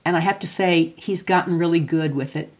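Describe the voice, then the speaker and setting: A chatty woman talking through a casual podcast monologue. Her voice sits a little on the low side, and she laughs easily as she rambles along. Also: fairly quick. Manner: chatty, self-described extrovert, laughs often. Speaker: podcast host.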